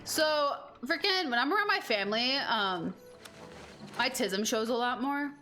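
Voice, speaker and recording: Bright, high-voiced young woman rambling. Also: animated, unhurried, soft background music. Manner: rambling storyteller, heavy on "like" fillers. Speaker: gaming streamer. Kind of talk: casual chat over gameplay.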